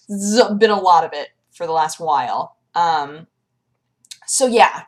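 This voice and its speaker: Speaking at a moderate pace, a young woman vlogs in a casual, lively, animated way. Whenever she quotes someone, she acts them out in a higher voice.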